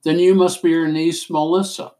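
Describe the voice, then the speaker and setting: A man's voice: on the high side, flat delivery, moderate pace, mellow, pitched above the performer's own voice, lightly acted. A man reading aloud and voicing a suave, formal male embassy art advisor with polite, ingratiating speech. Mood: courtly.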